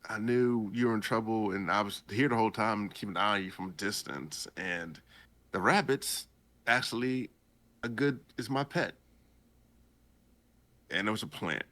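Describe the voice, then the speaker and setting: A man's voice: lowish voice, moderate pace, long pauses, pushed and bright. A man voicing a stern female mentor who scolds in a matter-of-fact way. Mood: smug. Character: stern woman mentor, smug, lecturing.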